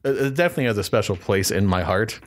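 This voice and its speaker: Man, co-host, casual chat, lively swinging pitch, laughs a lot. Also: racing. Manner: animated, laughing, quotes movie lines. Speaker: podcast co-host.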